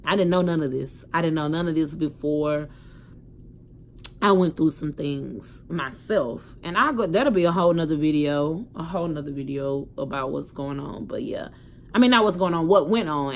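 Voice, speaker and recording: A woman's voice: low voice, normal speed. A young woman telling a casual story to her viewers, chatty and candid. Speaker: vlogger.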